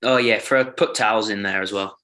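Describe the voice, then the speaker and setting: A man's voice: on the low side, steady tone, bright, forceful tone. A man co-hosting a casual podcast, telling jokey made-up stories and laughing along. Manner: slow, jokey storytelling. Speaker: podcast co-host. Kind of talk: casual chat.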